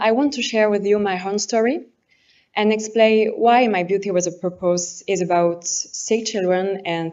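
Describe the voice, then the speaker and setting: A woman in her twenties from France, a native French speaker with a French accent, giving an earnest, halting prepared speech as a pageant contestant and correcting herself as she goes. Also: mid-range voice, darkish tone, lo-fi sound. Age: 20s. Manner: apologetic and earnest, halting English with self-corrections.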